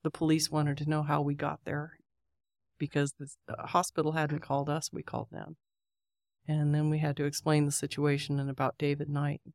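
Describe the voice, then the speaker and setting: A middle-aged woman recounting a painful personal story in an interview. She talks in a halting, everyday way, stringing the events together with "and then" and "he goes", with frequent "uh" between them. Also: sits low, monotone, a little mellow. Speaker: interviewee, bereaved mother. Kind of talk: personal retelling.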